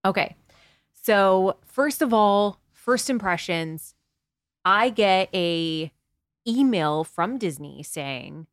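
A woman's voice: mid-range voice, expressive, no room sound. A woman hosting a podcast, chatting casually and playfully with her husband and laughing easily. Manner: playful, bubbly and quick to laugh. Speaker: podcast host.

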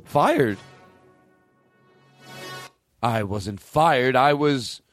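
A man hosting a podcast, telling rambling comic stories with loud outbursts and mumbled asides. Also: medium pitch, extremely slow, soft background music. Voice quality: animated, swings between loud outbursts and mumbles. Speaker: podcast host. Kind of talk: rambling comedic storytelling.

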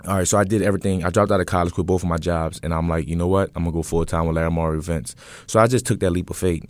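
A man's voice: low voice, rapid-fire, no room sound. A young man, talking casually as an interview guest and telling his story with lots of fillers. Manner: relaxed, rambling storytelling with many fillers. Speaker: interview guest, event business owner.

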